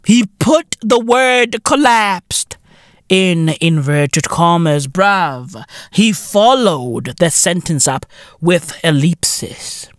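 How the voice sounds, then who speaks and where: A South African man hosting a podcast, ranting in a profane, mocking way and often shouting. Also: sits high, lively intonation, extremely slow, no echo, clean studio sound. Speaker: podcast host. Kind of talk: comedic rant.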